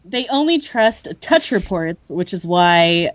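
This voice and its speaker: A woman's voice: fairly low pitch, expressive, slow pace, no room sound, lo-fi sound. Chatty woman recapping a story. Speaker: podcast co-host summarizing book chapters. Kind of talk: casual chat.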